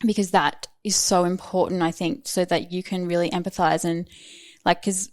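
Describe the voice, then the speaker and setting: A woman's voice: lowish voice, steady tone, moderate pace, no room sound. A woman around thirty, talking candidly as a podcast guest in a casual chat, full of "like" and "um". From Australia. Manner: candid, chatty, frequent "like" and "um".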